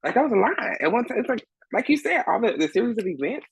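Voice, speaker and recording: A man's voice: high voice, sing-song, fast, vocal fry, husky, no room sound, rough recording. A man, a Broadway swing performer, telling a story as a guest, acting out the other people's voices and laughing often. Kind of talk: animated storytelling in conversation.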